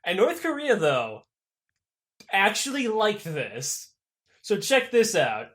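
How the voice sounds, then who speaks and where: A young man co-hosts a casual podcast, spinning a history story with plenty of swearing. His voice sits high and swings widely in pitch. He breaks into quick voices for the people he describes. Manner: animated, profane, acts out characters in quick voices. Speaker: podcast co-host.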